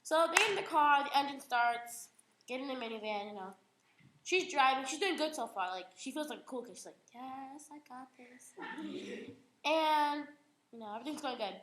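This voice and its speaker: Bright-voiced teen girl telling a story. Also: sits high, a little fast. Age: teens. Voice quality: giggly, lots of "like". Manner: animated, acts out the voices. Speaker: young storyteller. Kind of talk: retelling a story aloud. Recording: echoey room with faint noise.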